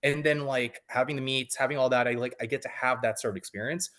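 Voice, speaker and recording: Guy in his 30s rambling about his habits, lots of likes and restarts, mid pitch. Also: steady tone, fast talker, fairly bright tone. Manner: rambling, many fillers and restarts. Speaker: coaching client. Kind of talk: casual interview chat.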